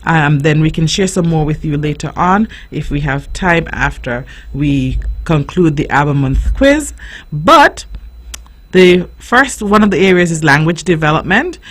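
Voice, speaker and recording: A woman's voice: low-pitched, lively intonation, measured pace. A woman hosting an informational radio show for parents, speaking earnestly and explaining things with frequent ums and restarts. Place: radio studio.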